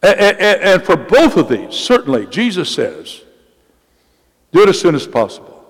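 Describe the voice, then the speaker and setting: A male pastor preaches a sermon with emphasis, repeating key phrases and slowing for weight. His voice sits high and moves in lively swings. The long reverb of a church hall trails behind him.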